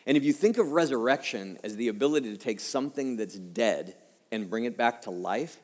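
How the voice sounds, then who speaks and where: A male pastor in his fifties preaching a personal-story sermon conversationally, dropping quiet and slow for heavy moments and rising for emphasis. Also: mid-range voice, animated. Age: 50s. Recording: long hall reverb.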